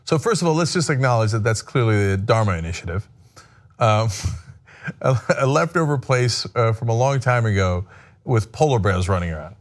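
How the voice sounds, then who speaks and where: A man's voice: mid-range voice, lively intonation, moderate pace. A man hosting a show, chatting casually and laughing often, acting out quotes in funny voices. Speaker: show host. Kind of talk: casual chat reacting to a viewer video.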